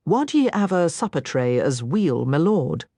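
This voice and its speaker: A woman's voice: low-pitched, sing-song, unhurried, mellow, dry recording, studio quality, heavily acted. A woman voicing a jovial, bawdy male innkeeper with a thick Scottish accent and a broad, hearty way of talking.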